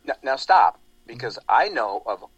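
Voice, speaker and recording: A man's voice: mid-range voice, big pitch swings, a little slow, fairly bright tone, slightly rough, dry recording, lo-fi sound. A man hosting a talk show, rambling animatedly with lots of restarts in casual political chat. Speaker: radio show host.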